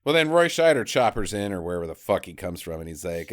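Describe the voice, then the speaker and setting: Profane man riffing with lively pitch. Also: fast, few pauses. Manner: sarcastic, profane, mocking movie lines in a gruff voice. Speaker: podcast co-host. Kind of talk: casual movie riff.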